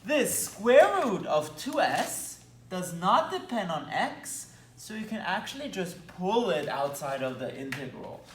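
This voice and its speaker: A man with a Belgian accent explains math at a whiteboard with enthusiasm and little playful asides. His pitch swings lively up and down while he keeps a slow, deliberate pace. The sound is roomy and echoey, picked up from a distance with a faint hum behind. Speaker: math lecturer. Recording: echoey room, mic at a distance.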